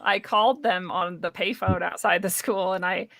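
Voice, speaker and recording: A young woman interviewed as a guest, telling a personal story in a lively way, laughing often and acting out what people said. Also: on the low side, normal speed, vocal fry, dry recording. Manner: animated, laughs often, acts out quoted voices. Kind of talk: conversational storytelling.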